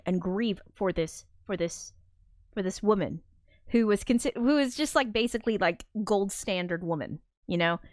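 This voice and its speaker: A woman talks casually on a livestream from a home studio, and her speech wanders through fillers, restarts and trailing asides. Her voice sits at an ordinary pitch. The sound is dry and close, with no room echo. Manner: rambling, many fillers and restarts. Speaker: streamer discussing her film score.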